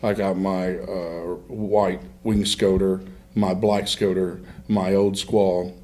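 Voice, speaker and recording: A man with a fairly low voice, middle-aged, spinning casual stories as a podcast guest. He backtracks and restarts often and laughs easily at his own tales. The delivery is loose and unscripted. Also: level tone, slow, dark tone. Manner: rambling, self-interrupting storyteller who laughs through his own stories. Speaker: guest, duck hunter. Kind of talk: casual storytelling in a podcast interview.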